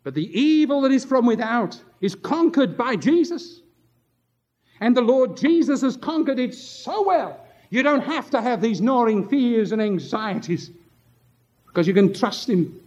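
High-pitched preacher man on old tape. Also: expressive, darkish tone. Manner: impassioned preaching, drawn-out emphatic words. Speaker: pastor. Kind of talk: sermon. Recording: dull lo-fi sermon tape.

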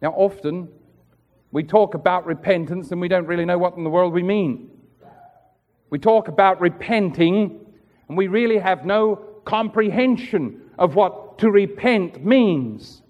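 A man's voice: sits high, unhurried, muffled recording. A man preaching a sermon in an earnest, rhetorical way, acting out the voices he quotes. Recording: hall reverb.

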